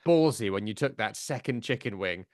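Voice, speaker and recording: A man's voice: on the low side, animated, normal speed, darkish tone, no room sound, clean studio sound. A man co-hosting a football podcast, talking in a casual, wry and teasing way. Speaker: podcast co-host.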